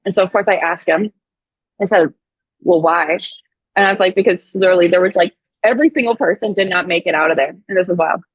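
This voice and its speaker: Husky-voiced woman telling a lively story. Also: lowish voice, fast talker, no room sound, highs cut off. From Missouri. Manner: animated, acts out quoted voices, frequent "like". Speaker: podcast guest, chiropractor. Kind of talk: casual storytelling in an interview.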